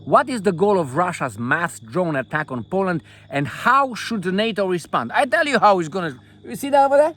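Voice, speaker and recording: A man's voice: sits high, animated, moderate pace, hardly any pauses, fairly bright tone. An older man vlogging from inside a tent, giving rambling political commentary in a profane, mocking, jokey way.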